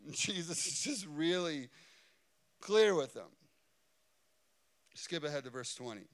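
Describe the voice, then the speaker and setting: A man preaching a sermon as pastor, impassioned and building to loud, high emphasis on key phrases. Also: lively intonation, slow. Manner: impassioned, rising in pitch and volume for emphasis.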